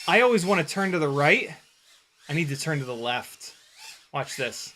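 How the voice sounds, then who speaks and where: A man chatting casually while flying a drone on a live stream, excitable, laughing and swearing, talking to his dog. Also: fairly high pitch, measured pace, pauses often, a little hiss or hum. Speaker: FPV drone pilot and streamer.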